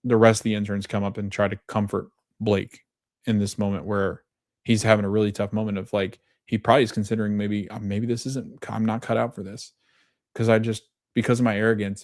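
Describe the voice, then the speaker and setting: A man's voice: lowish voice, little pitch movement, fairly quick, darkish tone, dry recording, clean studio sound. A man hosting a podcast, retelling scenes in casual chat, reading quoted lines and often correcting himself. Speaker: podcast host.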